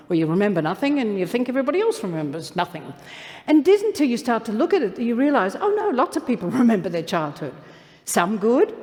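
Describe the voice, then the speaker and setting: Animated woman speaking in a big hall. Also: medium pitch. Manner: animated, playful, talks straight to the audience. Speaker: keynote speaker. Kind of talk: motivational keynote speech. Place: large event hall. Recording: reverberant hall.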